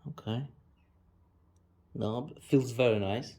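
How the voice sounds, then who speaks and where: A man walking through a microphone unboxing in a second language he is still learning, halting and restarting as he searches for words. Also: medium pitch, warm tone, no room sound. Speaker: tech reviewer. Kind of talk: product unboxing and walkthrough.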